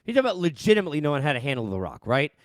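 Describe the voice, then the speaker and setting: Animated New man ranting, high voice. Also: racing, no echo. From New York. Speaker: podcast host. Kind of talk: solo sports rant. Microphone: headset.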